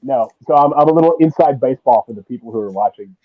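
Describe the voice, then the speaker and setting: A man's voice: medium pitch, fast. A man co-hosting a casual sports podcast, rambling and hesitant with a dry humor. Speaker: podcast co-host. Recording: tinny, dry phone-like audio.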